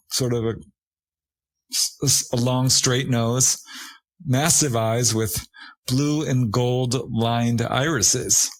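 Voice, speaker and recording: A man in a relaxed conversation, retelling a witness account with animated delivery. He laughs often and lifts his voice high when he quotes others. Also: dry recording. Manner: laughs often while talking. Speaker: guest, paranormal investigator. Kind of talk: conversational storytelling.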